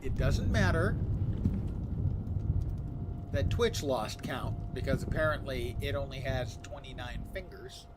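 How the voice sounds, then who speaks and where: With a mid-range voice and an unhurried pace full of pauses, a man streams a puzzle game live, reading its text aloud, muttering to himself, and cracking dry jokes to his chat. Background noise is audible.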